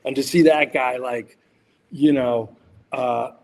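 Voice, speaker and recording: A man's voice: medium pitch, fairly even intonation, slow pace, a little mellow, in a large hall, slight background noise. A man, a sports journalist and podcast guest, telling rambling anecdotes in casual chat, full of fillers and restarts.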